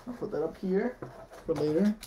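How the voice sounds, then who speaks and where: A young man streaming live, casually calling out cards as he opens packs and breaking into excited shouts at good pulls. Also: high voice, normal speed, noisy background. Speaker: card-opening streamer. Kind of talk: live card pack opening.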